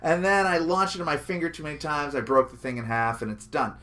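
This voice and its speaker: Joking, animated man on a podcast. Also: on the high side, fast. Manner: joking, animated storyteller, swears casually. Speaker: podcast co-host. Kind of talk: casual chat.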